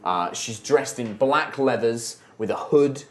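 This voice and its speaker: A man narrating a tabletop game as game master, descriptive and halting. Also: mid-range voice, expressive. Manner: descriptive, halting with fillers, laughing.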